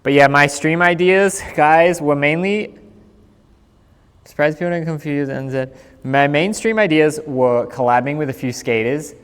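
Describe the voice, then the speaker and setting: A man's voice: a little high, measured pace, a bit bright, clear, resonant tone, in a large hall. A young man with an Australian accent, a skateboarder chatting casually on a live stream in a laid-back, slangy way.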